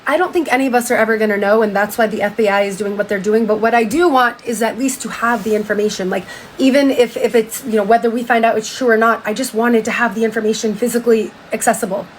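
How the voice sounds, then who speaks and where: A woman's voice: fairly high pitch, fairly even intonation, fast, slight background noise, low-quality recording. A woman casually retelling a book and commenting on it in a chatty, slangy style, with frequent "like"s and swearing. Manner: slangy, profane, chatty with many "like"s. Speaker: commentary vlogger.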